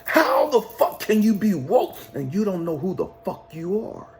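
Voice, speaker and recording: A man's voice: sits high, big pitch swings, normal speed, a little mellow, pitched above the performer's own voice. A man voicing a stern male God who questions him, probing and mocking at first, then scolding and swearing. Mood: scolding, heated. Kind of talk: retold dialogue in a motivational monologue.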